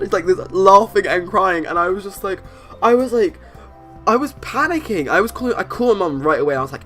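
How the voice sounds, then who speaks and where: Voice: mid-range voice, expressive, brisk, a bit bright. A young adult telling a long story in a casual voice-over, rambling with many restarts and fillers. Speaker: channel host. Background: faint background music.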